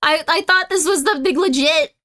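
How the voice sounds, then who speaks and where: This is a woman with a high, light voice, chatting casually on a live stream. She reacts to her chat in an excitable, playfully indignant way. She swings from loud exclamations to mumbled asides. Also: fairly quick. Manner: excitable, mock-outraged, swings between loud and muttered.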